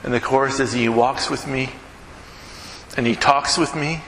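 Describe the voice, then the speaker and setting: A middle-aged male pastor preaching a sermon, asking the congregation rhetorical questions and moving between hushed and raised delivery. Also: mid-range voice, fairly even intonation, moderate pace. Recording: echoey hall with background noise.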